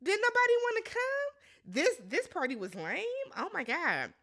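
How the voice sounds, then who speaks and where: A woman giving a casual, animated recap of a reality TV episode, blunt and quick to exclaim. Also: extremely high pitch.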